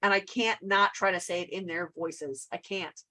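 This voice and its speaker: A woman co-hosting a podcast in casual chat, chatty and quick to laugh. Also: on the low side, fairly even intonation, pushed and bright. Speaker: podcast co-host. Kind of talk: casual chat about a TV comedy.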